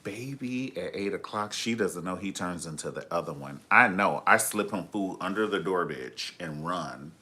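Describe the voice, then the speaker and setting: A man's voice: low-pitched, lively intonation, normal speed, few pauses, sharp tone. A man hosting a casual live stream, telling gossipy stories in a sassy, flamboyant, profane way and calling people honey.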